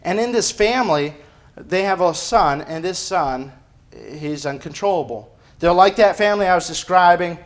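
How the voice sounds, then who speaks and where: High-voiced pastor preaching emphatically. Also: male voice, normal speed. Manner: emphatic, asks rhetorical questions. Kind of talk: sermon. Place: church.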